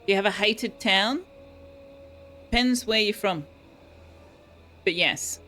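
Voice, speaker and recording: A woman's voice: mid-range voice, slow pace, pushed and bright, slight background noise. An Australian woman streaming a game, chatting casually with viewers and musing aloud with easy laughs. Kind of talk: casual gameplay chat with viewers. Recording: faint background music.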